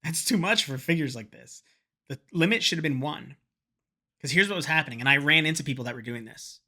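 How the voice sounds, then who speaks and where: Guy vlogging, kinda high and bright voice, rambly and swears a lot, does little voices for people. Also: lively intonation, brisk. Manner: rambling, profane, retells scenes with quoted voices. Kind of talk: casual storytelling to camera.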